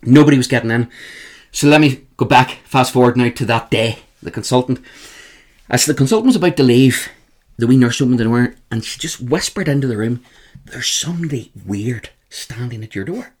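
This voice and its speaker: A man with a Northern Irish accent, a guest telling emphatic, animated stories in an interview. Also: mid-range voice, fairly quick. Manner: animated, emphatic, repeats the host's name. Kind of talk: storytelling in an interview.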